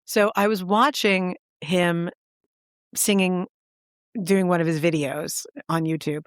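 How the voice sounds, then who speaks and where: This podcast co-host, a woman with a lowish voice, tells an eager, animated story in casual conversation, her pitch jumping up to stress words. She speaks slowly, and the recording is dry and close.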